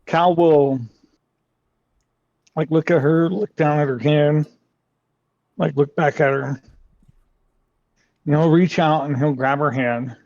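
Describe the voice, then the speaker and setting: A man playing a tabletop game, gruff and swearing often while he describes his character. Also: a little high, steady tone, slow, pauses often, darkish tone, no echo, dull audio. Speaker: player. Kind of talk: casual tabletop play.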